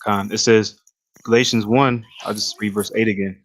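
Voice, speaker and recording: Man reading verses, slow and low. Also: level tone, rough recording. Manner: drawn-out, measured reading of verses. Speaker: scripture reader. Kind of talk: slow deliberate scripture reading.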